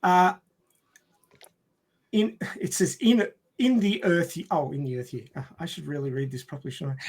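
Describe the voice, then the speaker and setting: High-voiced Australian man in casual chat. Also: moderate pace, slightly rough. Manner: chatty, lots of fillers and restarts, laughs often. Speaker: podcast co-host reading the plot.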